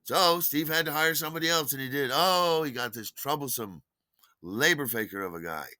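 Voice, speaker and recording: A man's voice: moderate pace, pushed and bright, no room sound. A man hosting a podcast, telling a rambling personal story in a casual way and acting out the dialogue with jumps in his voice. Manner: rambling, acts out quoted dialogue with pitch jumps. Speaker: podcast host.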